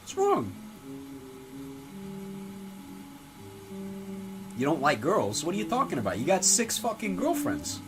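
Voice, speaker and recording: A swaggering, foul-mouthed mob-style father, as a man acts him out. His tough-guy drawl swoops lively up and down as he needles and lectures. Music plays behind him. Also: on the high side, a little fast, rough recording. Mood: prodding. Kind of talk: comedy sketch character acting. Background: music playing.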